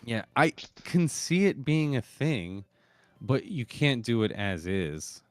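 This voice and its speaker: Guest, male, blunt and sweary, pitch swings a lot, dry close sound. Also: sing-song, slow, no echo, soft background music. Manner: blunt, swears freely, thinks out loud. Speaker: guest game master. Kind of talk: casual chat.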